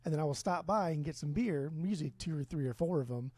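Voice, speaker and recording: Husky, mellow male co-host. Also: a little high, fast talker, no room sound. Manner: laid-back, profane, teasing. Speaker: podcast co-host. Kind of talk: casual podcast chat. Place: remote, own room.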